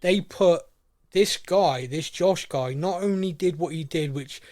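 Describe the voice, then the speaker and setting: A man co-hosting a podcast, talking excitedly in casual chat and acting out characters' lines. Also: on the high side, unhurried. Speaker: podcast co-host.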